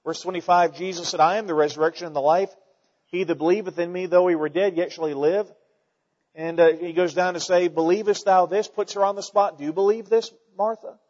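Reading scripture and then hammering his points with fervent repetition, this pastor speaks fairly quickly in a high voice with a darkish tone and fairly even intonation. His sermon sounds dull and lo-fi, echoing with long reverb in a big hall.

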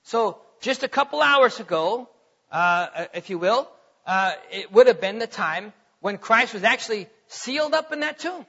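A man teaches a sermon, his voice high and bright with a husky grain. He talks conversationally and keeps checking that his listeners follow along. The recording is dull and lo-fi. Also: animated, unhurried. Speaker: preacher.

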